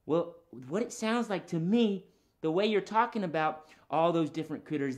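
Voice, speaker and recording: A man's voice: high voice, moderate pace. A man hosting a children's show, chatty and encouraging, talking straight to the kids watching. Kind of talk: friendly children's show patter.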